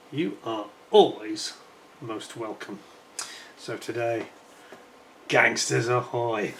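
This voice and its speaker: A man's voice: mid-range voice, fairly bright tone, a little hiss or hum. A middle-aged British man chatting casually as a model kit reviewer, rambling onto tangents with plenty of fillers, recorded indoors at home with a fan running. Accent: British English. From United Kingdom.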